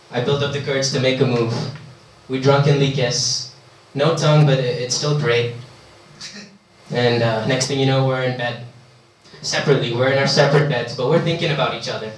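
Deadpan man doing stand-up. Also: mid-range voice. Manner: deadpan storytelling with halting restarts. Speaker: stand-up comedian. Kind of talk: stand-up comedy set. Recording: echoey room, far from the mic.

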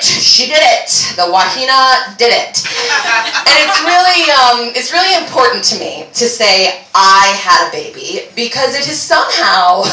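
A woman doing a stand-up comedy set, brash and crude, with sudden shouts and squeals. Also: fairly high pitch. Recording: echoey room from far off.

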